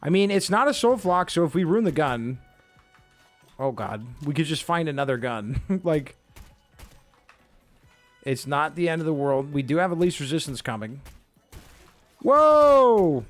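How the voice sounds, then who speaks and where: Guy chatting through his game run, kinda high voice, jumps around a lot, talks himself down for laughs. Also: animated, normal speed, pauses often, soft background music. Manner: chatty, self-mocking, reacts aloud to gameplay. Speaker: gaming video creator. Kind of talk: let's play commentary.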